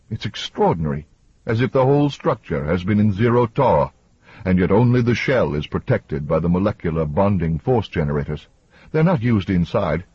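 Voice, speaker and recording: A steady, reasoning ship captain, as a male audiobook narrator voices him, lightly lifted above the narrator's low voice. The tone is husky and breathy. It sounds dry and a bit dull. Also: no echo.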